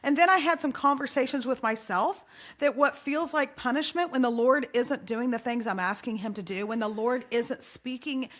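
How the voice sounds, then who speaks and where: Bright-voiced middle-aged lady, guest on a chat podcast, acts out her stories. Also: sits high, normal speed. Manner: animated storyteller acting out quotes. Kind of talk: casual storytelling interview.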